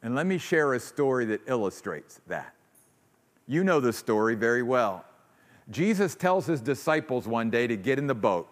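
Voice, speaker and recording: A man's voice: very animated, moderate pace. A man preaching a sermon as pastor, earnest, acting out quoted voices, then leading a closing prayer in a church. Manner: earnest, acts out quoted voices with rising pitch. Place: church sanctuary. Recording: long reverb of a large hall.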